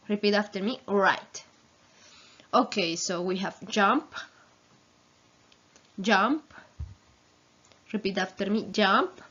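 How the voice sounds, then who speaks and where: Slow, patient woman drilling vocabulary. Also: mid-range voice, bright, forceful tone. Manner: slow, repeats each word, gives Spanish translations. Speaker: English teacher. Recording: slightly dull lo-fi recording.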